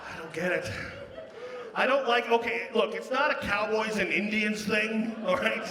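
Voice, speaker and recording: A man from Canada doing a stand-up comedy set, breaking into loud sung and acted bits. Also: high voice, normal speed, background noise. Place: large casino showroom with a live audience. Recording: echoey live hall, crowd. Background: audience laughter.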